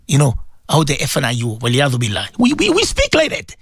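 A man's voice: medium pitch, wildly swooping pitch, brisk, gravelly, fairly bright tone, husky, dry recording, studio quality. A man preaching an Islamic sermon to radio listeners, emphatic and repetitive, often asking them questions. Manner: emphatic, repeats phrases, asks listeners questions.

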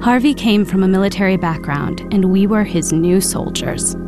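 A woman narrates as an adult looking back on a painful childhood, in an earnest, reflective radio-drama voice. Clear music plays beneath her words. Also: mid-range voice, normal speed, natural voice. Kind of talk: dramatized first-person narration. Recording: narration over background music.

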